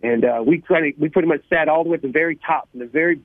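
A man from Louisiana, telling his life story as a radio guest, animated and laughing, often repeating words. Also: on the high side, very fast, no echo. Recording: tinny phone line, dry.

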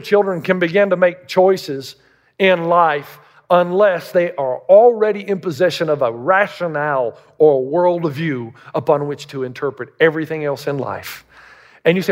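A man's voice: a little high, animated, moderate pace, some chatter behind. A man preaching a sermon as a pastor, emphatic and full of rhetorical questions. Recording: long reverb of a large hall.

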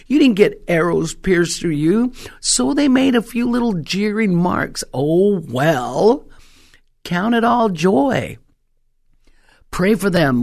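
A woman pastor preaching a fervent, exhorting sermon, her voice leaping up in pitch for emphasis. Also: darkish tone.

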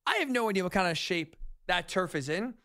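A man hosting sports talk radio, ranting in an animated, sarcastic monologue about football decisions. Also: sits high, brisk.

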